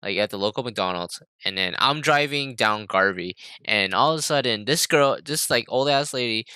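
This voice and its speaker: A young man co-hosting a podcast, telling stories in a casual, animated way with some swearing. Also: medium pitch, normal speed, clear, resonant tone, no echo. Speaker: podcast co-host. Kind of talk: casual chat.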